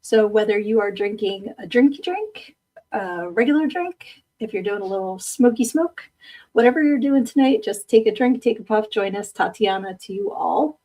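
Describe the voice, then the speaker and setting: A woman's voice: medium pitch, expressive, moderate pace, mellow. A woman in her fifties hosting a live-streamed podcast, chatting casually with viewers in a rambling way, laughing easily and tired from little sleep. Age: 50s. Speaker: podcast host.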